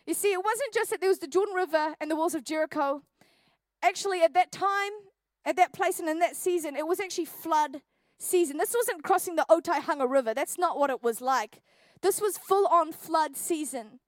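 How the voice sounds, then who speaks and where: High-voiced young Kiwi woman preaching. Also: a little fast, no echo. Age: 20s. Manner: animated, jokey storyteller acting out scenes. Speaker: youth pastor. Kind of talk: sermon with personal story. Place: church hall.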